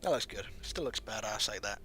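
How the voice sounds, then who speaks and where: A man hosting a casual let's-play, chatting in a relaxed, amused way as he builds a character. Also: fairly low pitch, a little fast, slight background noise. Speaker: gaming channel host. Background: game music.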